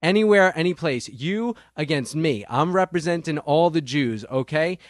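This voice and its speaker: A man's voice: on the high side, animated, moderate pace, no echo, studio quality. A man delivering a profane, sarcastic comedic rant straight to the listener. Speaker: comedic ranter.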